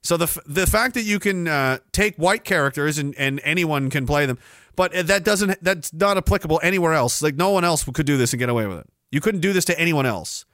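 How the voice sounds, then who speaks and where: A man's voice: on the high side, expressive, a little fast, a bit bright, no echo, studio quality. A man hosting a livestream, ranting sarcastically about the news and reading out viewer comments. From Canada. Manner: sarcastic, ranting, swears freely. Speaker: livestream host.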